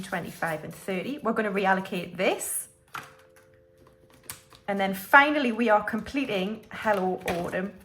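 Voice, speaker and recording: This UK woman, a budgeting vlogger, talks chattily to viewers she calls guys while counting her cash out loud. Her voice is medium-pitched and a bit bright, with slight background noise.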